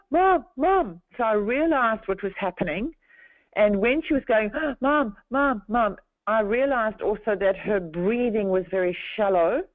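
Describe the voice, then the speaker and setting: Middle-aged woman, counselor leading a webinar, slow and soothing delivery, dry narrow phone-line sound. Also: mid-range voice, no echo. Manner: slow, deliberately calming delivery. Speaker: counselor and trainer. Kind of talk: webinar presentation.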